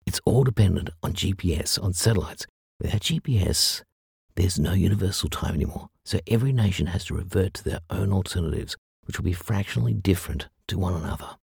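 A man's voice: low-pitched, expressive, a little fast, gravelly, darkish tone, slightly rough, dry recording, studio quality, voice pushed up, full character voice. A man voicing an urgent young man who talks hurriedly and breathlessly, sometimes in a whisper.

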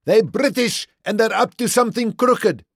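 A man voicing a hostile, burly male farmer who shouts after fleeing strangers. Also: medium pitch, sing-song, slow, dry recording, clean studio sound. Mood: bellowing. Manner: loud, bellowing calls.

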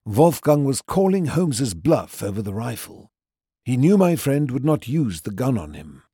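A man narrating a story in the first person, with a measured, even delivery. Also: mid-range voice, breathy edge, dry recording, studio quality. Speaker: audiobook narrator.

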